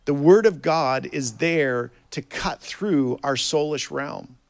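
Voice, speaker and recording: A male preacher with a slightly high, gravelly voice delivers a sermon. He talks earnestly and reads scripture aloud, dropping low and quiet, then rising to loud emphasis. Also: takes it slowly.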